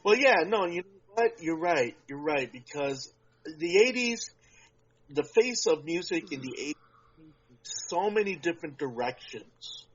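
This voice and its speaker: A man's voice: on the high side, big pitch swings, husky. A man co-hosting a podcast in casual chat, talking at length and leaning hard on his points. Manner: talks at length with emphatic, drawn-out points. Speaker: podcast co-host. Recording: dull lo-fi podcast audio.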